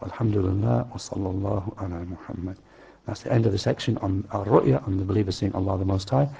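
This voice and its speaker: A man teaching a religious study class, explaining slowly and repeating key phrases for his listeners. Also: low-pitched, gravelly, warm tone, breathy edge.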